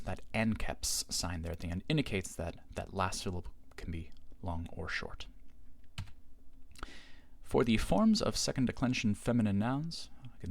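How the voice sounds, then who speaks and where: Male teacher, lowish voice, patient explanatory delivery for a slideshow lecture. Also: gravelly. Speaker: Greek teacher. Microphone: voice-over on slides.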